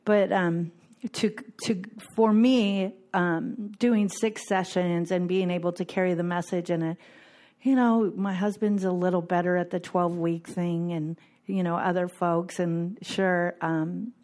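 A woman's voice: lowish voice, fairly even intonation, measured pace, darkish tone. A middle-aged woman giving a heartfelt personal talk to a group at a recovery meeting, repeating key phrases for emphasis.

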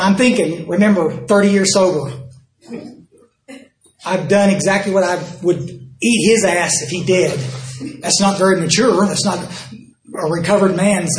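A man's voice: high voice, fairly even intonation, a little slow, pauses often, roomy sound, a little hiss or hum. An older man from Texas, telling folksy, self-mocking stories at a recovery dinner talk and acting out both sides of each exchange. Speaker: recovery speaker. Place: dinner event hall.

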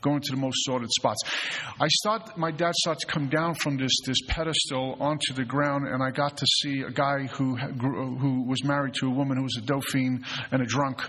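Husky middle-aged man speaking in an echoey hall. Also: mid-range voice, steady tone, normal speed, pushed and bright. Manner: earnest, storytelling, many restarts and stammered fillers. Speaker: retreat facilitator. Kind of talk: recovery talk to a group. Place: mountain retreat hall.

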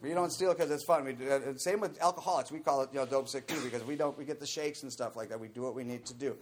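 A man's voice: medium pitch, quick pace. A man giving a candid, conversational talk to a group about recovery program steps, often saying "you know".

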